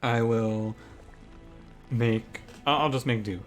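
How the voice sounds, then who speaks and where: Soft background music plays as a young gaming streamer talks through his card game in a mid-range voice, taking it slowly with fairly even intonation. He thinks out loud, keeps restarting his sentences, and slides into exasperated rants.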